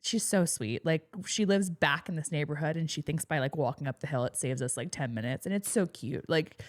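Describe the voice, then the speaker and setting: A woman's voice: sits low, brisk, no echo. A woman in her thirties co-hosting a podcast, chatting casually and giggling often as she rambles. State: pregnant. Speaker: podcast co-host. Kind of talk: casual chat.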